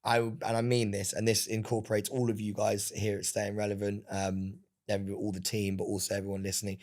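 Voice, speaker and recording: A young man, chatting casually as a podcast guest, telling an animated story and calling everyone "mate". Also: lowish voice, fairly quick. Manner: animated storytelling, swears, says "mate" a lot. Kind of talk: casual chat. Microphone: studio microphone.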